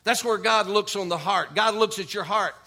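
A man preaching a sermon, dropping a repeated "okay?" and calling for amens, reading scripture slowly and with emphasis. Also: high voice, gravelly, pushed and bright. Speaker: pastor.

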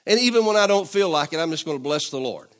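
A man with a notably high voice delivers a church sermon. He calls on the congregation for amens and repeats his points, swelling to emphatic declarations. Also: expressive, fast talker. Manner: call-and-response preaching, asks congregation to say amen; repetitive, emphatic, rising to louder declarations. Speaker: preacher.

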